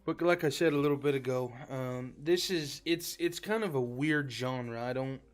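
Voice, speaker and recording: A man's voice: medium pitch, normal speed. A man streaming a game live, chatting casually to viewers in a rambling, filler-heavy way. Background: faint background music.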